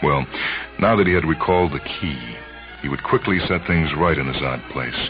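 A man narrating a dramatic story in a measured, brooding way, heard on an old, dull radio recording. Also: extremely low pitch, over music.

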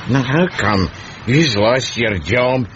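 An actor playing a chatty, offhand old homeless drinker in a radio comedy, on a dull lo-fi recording. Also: male voice, medium pitch, expressive, slow, a bit bright, slight background noise. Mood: wry. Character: old male tramp, drinker, chatty and unbothered.

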